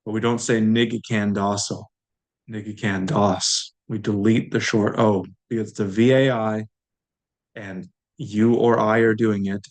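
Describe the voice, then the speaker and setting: A man's voice: lowish voice, a little mellow. A man teaching a language lesson, saying each word aloud and repeating it patiently for learners.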